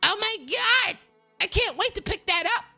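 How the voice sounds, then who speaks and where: A squealing bratty PC nerd. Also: male voice, very high-pitched, expressive, moderate pace, gravelly, bright, forceful tone, soft background music, voice pushed up, heavily acted. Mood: whiny. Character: whiny young male PC gamer nerd begging mom.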